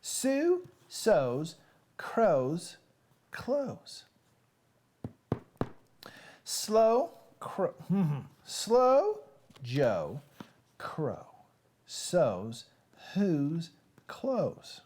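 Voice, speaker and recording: A woman's voice: on the low side, wildly swooping pitch, drawn-out words, long pauses, warm tone, husky, heavily acted. A woman voicing a pushy male fox who sets tongue twisters, in a put-on Southern US accent and a coaxing sing-song.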